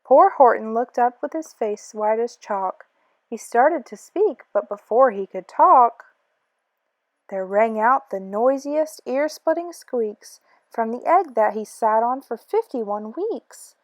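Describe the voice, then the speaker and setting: Slow, rhythmic woman reading a storybook. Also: a little high, dry recording, highs cut off. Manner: rhythmic, expressive rhyming delivery. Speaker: storybook reader. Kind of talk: children's book read-aloud.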